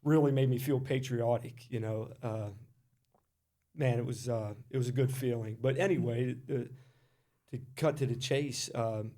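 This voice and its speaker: A man's voice: medium pitch, steady tone, normal speed, dark tone. A man from West Virginia sits in as a podcast guest and tells long, rambling stories. His voice sits in an ordinary middle register, and his delivery is loose and chatty. He often stops mid-line on fillers before pushing on. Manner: loose and talkative, with frequent fillers and profanity. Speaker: podcast guest, Marine veteran. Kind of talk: casual storytelling.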